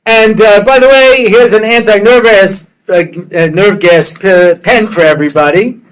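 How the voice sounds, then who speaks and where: A man's voice: high voice, a little slow, clean tone, rough recording. A middle-aged man, a rabbi, giving a humorous lecture full of stories, jokes and conversational asides.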